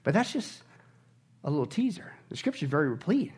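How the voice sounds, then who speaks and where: A middle-aged male pastor preaching a sermon, animated and often shouting on his high points. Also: brisk, slightly rough.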